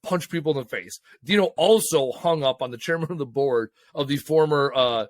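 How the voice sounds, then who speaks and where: A man co-hosting a business podcast, telling stories in a profane, excitable, casual way. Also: a little high, brisk, no echo. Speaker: podcast co-host. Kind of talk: casual chat.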